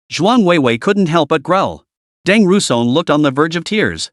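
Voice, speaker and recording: A man's voice: a little high, lively intonation, moderate pace, dry recording, studio quality. A man giving scripted, dramatic narration of a comic recap. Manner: dramatic storytelling.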